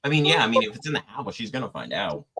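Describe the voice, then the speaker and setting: A young man hosting a casual chat, animated and stammering, quick to laugh. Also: lowish voice, noisy background. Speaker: podcast host.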